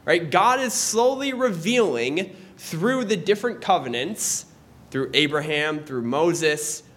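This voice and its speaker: Young male Sunday school teacher, relaxed and chatty, voice sits a touch high. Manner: conversational, with pauses and restarts. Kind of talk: teaching a church class. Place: church classroom.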